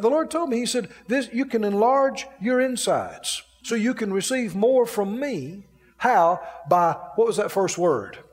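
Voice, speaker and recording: A man preaching a sermon in a playful way, with his own laughter between points. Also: extremely high pitch. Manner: playful, mimics grumbling, laughs often. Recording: long hall reverb.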